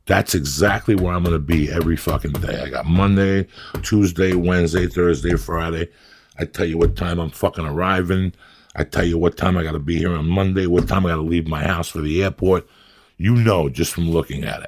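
A middle-aged man, talking bluntly and profanely as a guest in a casual podcast chat, rambling through stories. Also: deep voice. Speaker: podcast guest, actor and comic.

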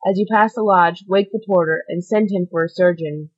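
Woman playing a grave measured nobleman, calm and steady, slightly dull audio. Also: on the low side, close to an everyday voice. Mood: commanding.

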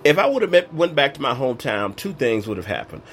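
A man's voice: medium pitch, very animated, a little fast, slight background noise. A man giving an emotional personal faith testimony, questioning and acting out bits of dialogue, his voice a little strained. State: voice strained, recently lost.

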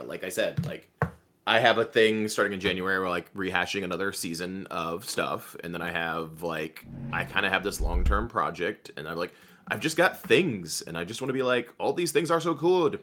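A man guesting on a podcast chats in an animated, joking way, tossing in quick asides. His voice sits very low in pitch. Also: a little hiss or hum. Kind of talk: casual chat.

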